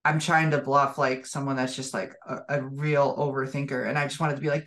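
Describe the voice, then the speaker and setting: A woman's voice: very deep voice, little pitch movement, fairly quick, a bit bright. A woman co-hosting a podcast, telling a story in a loose, rambling way full of fillers and restarts. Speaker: podcast co-host. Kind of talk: casual chat.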